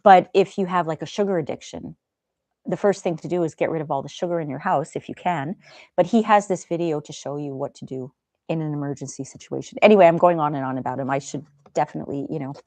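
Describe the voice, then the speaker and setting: A woman hosting a livestream in a gentle, chatty way, reading viewer comments aloud. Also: deep voice, fast talker, no room sound. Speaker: livestream host. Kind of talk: casual chat.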